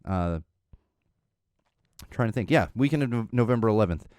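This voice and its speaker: A man's voice: fairly low pitch, expressive, normal speed, darkish tone, clear, resonant tone, dry recording, studio quality. A man hosting a podcast, telling a long story in a casual, rambling way with lots of fillers and chuckles. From Southern California. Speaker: podcast host. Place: podcast studio. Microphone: studio mic.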